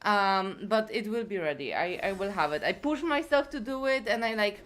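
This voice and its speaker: A woman's voice: mid-range voice, animated, normal speed. A woman streaming a game live, chatting casually with viewers and greeting them by name while a little out of breath.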